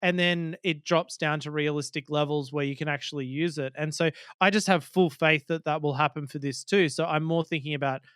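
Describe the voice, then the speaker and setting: A man with a fairly high, clean and crisp voice co-hosts a casual tech podcast. He talks with enthusiasm and acts out quick quotes as he argues. The close mic sounds dry, with no room echo. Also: fairly even intonation, fairly bright tone. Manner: enthusiastic, argues his point with acted-out quotes. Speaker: podcast co-host.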